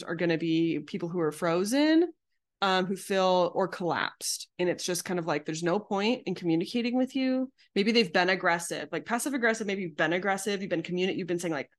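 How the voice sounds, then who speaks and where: A woman therapist with a somewhat low voice talks through her teaching in an easy, conversational way. She breaks into quick acted voices when she quotes people, then drops back to plain talk. She addresses the camera directly. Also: expressive. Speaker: psychotherapist.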